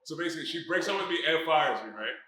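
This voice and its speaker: A man, a comedian from Miami, telling a story in a casual interview, animated and swearing, acting out what people said. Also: on the high side, fast. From Miami, Florida. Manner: animated, swearing, acts out quotes. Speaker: comedian guest. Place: brewery after a comedy show. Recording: echoey bar with crowd noise. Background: crowd chatter.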